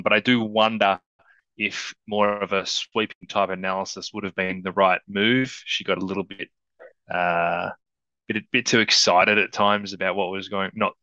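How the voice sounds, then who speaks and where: Man, podcast co-host, bright forceful voice, dry dull lo-fi sound. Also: deep voice, no echo. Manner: animated, acts out quoted dialogue. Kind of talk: casual film discussion.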